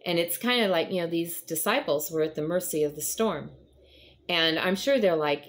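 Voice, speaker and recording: Woman host, casual faith chat, slightly low voice, earnest, lots of fillers. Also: normal speed, a little hiss or hum. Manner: conversational, rambling with frequent fillers; earnest, encouraging. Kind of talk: casual devotional talk.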